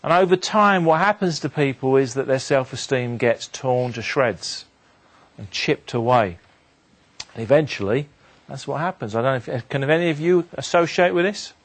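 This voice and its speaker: A man giving a motivational talk to an audience, telling a story in an animated way and dropping his voice low and quiet for the sad moments. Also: moderate pace. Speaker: motivational speaker.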